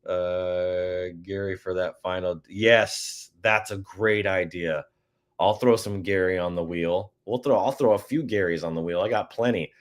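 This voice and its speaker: A man's voice: low voice, a little slow. A man casually hosting a live-stream prize giveaway, goofy and chatty, reading out codes and talking to viewers.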